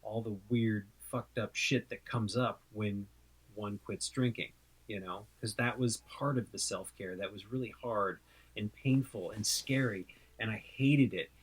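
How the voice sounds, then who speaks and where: A man co-hosting a podcast in casual chat, talking candidly and relaxed, with frequent "you know"s. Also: lowish voice, unhurried, husky, low-quality recording. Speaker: podcast co-host.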